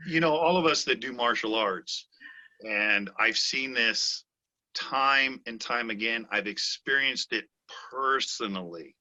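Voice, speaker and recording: A man's voice: on the low side, bright, forceful tone. A man hosting a podcast and talking about martial arts and refereeing in a casual, earnest way. He often repeats himself and asks "you know what I'm saying?". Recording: dull lo-fi audio.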